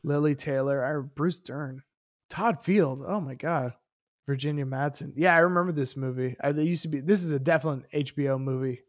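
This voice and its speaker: A man's voice: on the high side, normal speed. A man co-hosting a casual movie podcast who asks lots of curious questions and fills his talk with "like". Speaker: podcast co-host.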